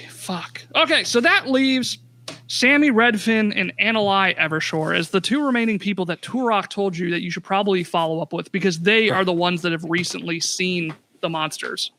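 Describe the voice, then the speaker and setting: A man's voice: high-pitched, pushed and bright. A man running a tabletop game as game master, rambling, swearing, and full of fillers.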